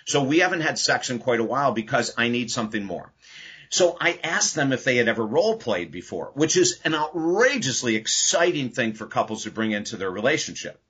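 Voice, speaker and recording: A man, a podcast guest and author, telling an anecdote in a casual, animated interview. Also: mid-range voice, a little fast, husky.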